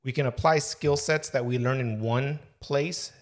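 A man's voice: mid-range voice, a little slow. A man hosting a podcast, asking friendly, rambling questions in a casual interview. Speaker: podcast host.

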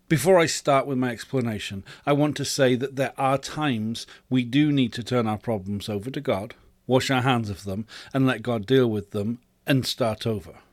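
A man's voice: medium pitch, dry recording. Earnest man giving a faith talk. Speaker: podcast host. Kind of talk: reflective faith teaching.

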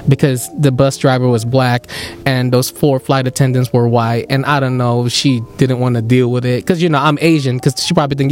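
A man with a Filipino accent hosting a podcast, telling a story in a casual, animated way and jumping into high excited voices for the people he quotes. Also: moderate pace, faint music behind. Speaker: podcast host.

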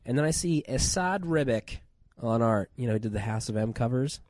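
A man with a cold chatting on a podcast, rambling excitedly with lots of fillers and restarts. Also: mid-range voice, fairly quick, no echo, clean studio sound. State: has a cold, on cold medicine. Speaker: podcast co-host. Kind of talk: casual chat.

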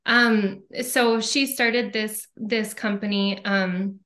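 A woman's voice: mid-range voice, fairly even intonation, takes it slowly, a bit bright. A woman from Minnesota with a Minnesotan accent, a podcast guest telling her family story in chatty fashion with frequent ums. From Minnesota, USA. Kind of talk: casual interview chat.

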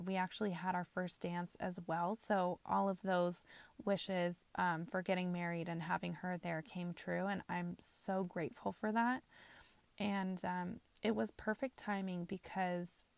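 A woman's voice: lowish voice, creaky, no room sound. A woman in her twenties hosting a podcast, telling a personal story candidly with frequent fillers. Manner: candid, frequent fillers, laughs while talking. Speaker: podcast host.

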